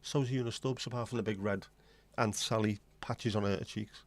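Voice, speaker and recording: A man's voice: lowish voice, fairly even intonation, normal speed. A man in his forties from England, chatting casually as a livestream host, opinionated and blunt, rambling from one aside to the next. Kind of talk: casual chat.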